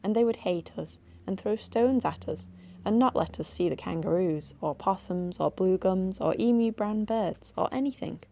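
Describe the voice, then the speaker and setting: A brave, earnest young boy in a storybook, firm when he needs to be, as a woman reading aloud puts him on. His voice is mellow and dark in tone. It carries a slight gravel. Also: mid-range voice, normal speed, a little hiss or hum, lightly acted.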